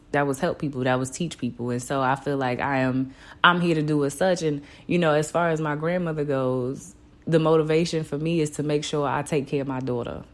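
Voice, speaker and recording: Low-voiced woman, candid podcast host. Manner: candid and emotional, with frequent "you know" fillers. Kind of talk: casual personal monologue.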